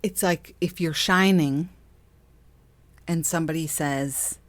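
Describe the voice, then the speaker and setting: Speaking slowly in a low voice, this middle-aged podcast host keeps things chatty and casual as she discusses spiritual self-help. She laughs a lot and performs the voices of those she quotes, with no echo in the recording.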